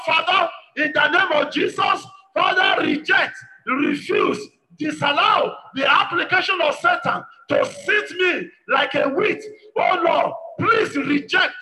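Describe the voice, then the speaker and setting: A man, a pastor leading a congregation in fervent prayer, calling out repeated commands. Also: extremely high pitch. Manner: shouted, repetitive commanding prayer. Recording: echoey hall with long reverb.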